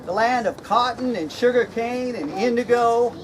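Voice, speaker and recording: Speaking at normal speed in a very high voice, a man performs as a folksy, jolly, slightly mad Straw Hatter. The jokey skit takes place at an outdoor reenactment event amid crowd noise, and he laughs along at his own jokes.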